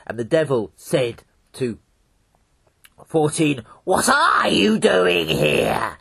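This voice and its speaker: Husky, animated male storyteller. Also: a little high. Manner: animated, dramatic. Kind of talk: folk tale storytelling.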